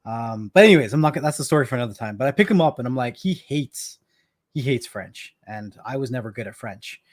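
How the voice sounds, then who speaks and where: Animated and fast-talking in a mid-range voice, this Canadian man in his thirties tells stories on his live stream. His chat is casual, full of laughs and repeated words.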